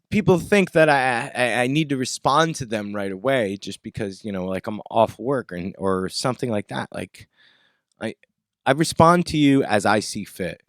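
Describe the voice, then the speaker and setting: A man hosting his own podcast in a heated, profane rant. His voice sits at an ordinary middle pitch and sounds dry and close. He lurches between loud blowups and low grumbling asides. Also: no echo. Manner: swings between loud outbursts and low muttering. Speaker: podcast host. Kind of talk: off-the-cuff ranting monologue.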